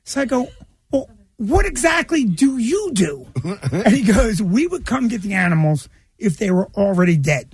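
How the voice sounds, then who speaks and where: A man's voice: high voice, sing-song, moderate pace, darkish tone, husky, dry recording. A man, telling a funny story as a guest. He talks animatedly, laughs between lines and puts on the voices of the people in his story. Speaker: comedian guest. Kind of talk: comic storytelling.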